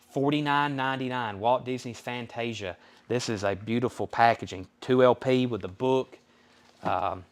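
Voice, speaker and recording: Southern man calling record prices. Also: mid-range voice. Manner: reads titles and prices, calls buyer names. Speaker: live record sale host. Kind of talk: live-stream sales patter.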